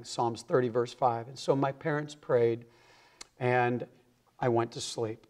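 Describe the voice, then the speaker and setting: His voice is medium-pitched and a little mellow, with fairly even intonation at normal speed. An evangelist on a TV interview, he earnestly relates his testimony and acts out the people who appear in it.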